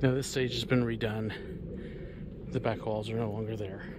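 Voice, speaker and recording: Heavy background noise surrounds a fairly low-pitched man talking at normal speed as he hosts a casual amphitheater tour for his travel vlog. He's slightly breathless and speaks into a handheld camera with no microphone. His delivery is animated, occasionally booming like a showman.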